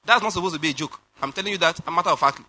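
A man preaching a sermon, animated, laughing and firing rhetorical questions at the congregation. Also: on the high side, racing. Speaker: pastor.

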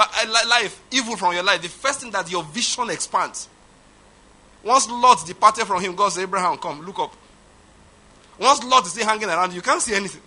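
A man preaching a sermon, emphatic, swinging from loud declarations to quiet asides. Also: sits high, lively intonation, normal speed. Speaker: pastor.

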